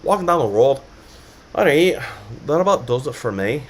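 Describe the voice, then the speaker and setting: Man putting on a Northern Irish accent, playful and self-mocking, animated delivery. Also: medium pitch, moderate pace, slight background noise, lightly acted. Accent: Northern Irish, put on.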